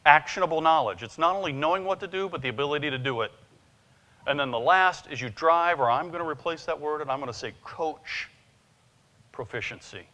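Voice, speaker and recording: A man speaking as a sales trainer at a conference keynote, animated and joking as he tells stories, in a large hall with long reverb. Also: on the high side, fast talker.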